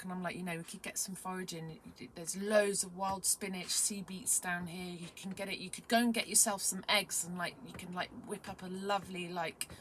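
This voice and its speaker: Rambling excitable woman, low voice. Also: slight background noise. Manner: excitable, rambling, many fillers, drops to whispers. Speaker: vlogger. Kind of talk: casual vlog chat.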